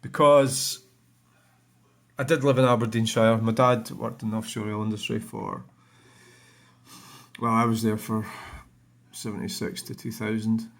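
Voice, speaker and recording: A man's voice: fairly low pitch, flat delivery, measured pace, gravelly, pauses often. A Scottish man in his fifties with a blunt, rambling, sweary manner, reading viewer comments aloud and answering them on his vlog. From Scotland. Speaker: vlogger.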